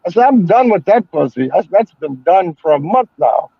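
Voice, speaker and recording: A man's voice: high-pitched, sing-song, fairly quick, vocal fry, husky, dry recording. Older man telling crude stories. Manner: rambling, profane storytelling. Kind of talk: casual chat. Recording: dull lo-fi sound.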